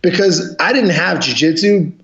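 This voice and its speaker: A man's voice: high voice, moderate pace, fairly bright tone. A man talking as a guest on a casual podcast, swearing freely and telling blunt stories about coaching. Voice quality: profane, blunt storytelling. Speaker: guest, jiu-jitsu gym owner and coach. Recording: echoey room, dull lo-fi sound.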